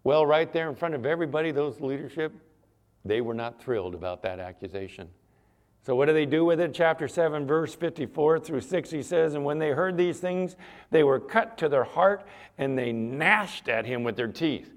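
A man's voice: fairly high pitch, a little fast, a little mellow. A man preaching a sermon as pastor, talking conversationally and putting questions to the congregation.

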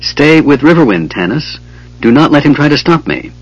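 A man voicing a noble warrior woman who speaks gently but firmly, often in a hushed voice, in a fantasy audiobook. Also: on the high side, big pitch swings, normal speed, husky, dull audio, voice pushed up. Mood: resolute.

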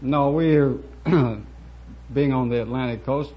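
A man's voice: mid-range voice, takes it slowly. A man from Virginia, a quiz show contestant, giving short, careful, dry answers. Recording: dull lo-fi archival broadcast with hiss.

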